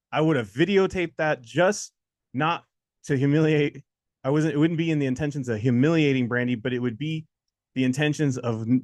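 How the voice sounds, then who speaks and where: Male co-host, casual pep talk, mid-pitched, dry close sound, lively storyteller who repeats for emphasis. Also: no echo. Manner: animated storytelling, acts out quotes, repeats for emphasis. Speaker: co-host of a test-prep show.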